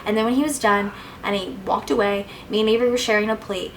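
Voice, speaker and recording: Speaking fast with fairly even intonation at a medium pitch, a young woman fields viewer questions in a chatty, gushing vlog, leaning heavily on "like" and fillers. A little hiss or hum runs under the low-quality audio.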